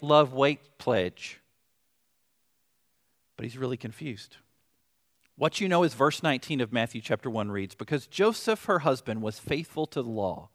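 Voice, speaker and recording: Lively Southern pastor preaching. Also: male voice, fairly high pitch. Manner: animated storytelling with self-deprecating asides. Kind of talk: sermon.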